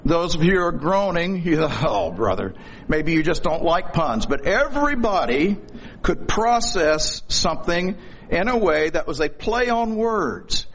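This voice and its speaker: A man's voice: high voice, animated, a little slow, a bit bright. A middle-aged man preaching a sermon in a folksy, storytelling way, with corny jokes.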